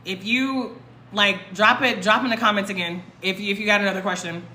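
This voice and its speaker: Loud, passionate woman streaming live. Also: mid-range voice, fairly even intonation, moderate pace. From North Carolina, US. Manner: loud, passionate, swears freely. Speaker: livestream host. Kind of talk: casual livestream Q&A. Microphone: phone livestream. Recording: echoey room with loud background noise.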